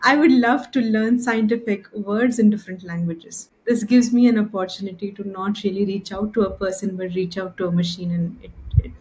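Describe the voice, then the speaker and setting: A woman's voice: mid-range voice, steady tone, brisk, darkish tone, a little hiss or hum, poor audio. A woman with an Indian English accent, chatting thoughtfully on a podcast about learning languages. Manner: thoughtful, self-described nerd. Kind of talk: casual podcast chat.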